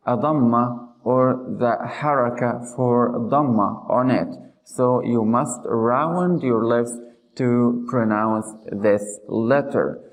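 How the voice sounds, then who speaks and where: A man teaching how to pronounce letters, speaking slowly and deliberately, repeating example words and checking in with "okay?". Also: mid-range voice, a little mellow, rough recording. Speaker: Quran recitation teacher. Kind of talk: slow explanatory lesson.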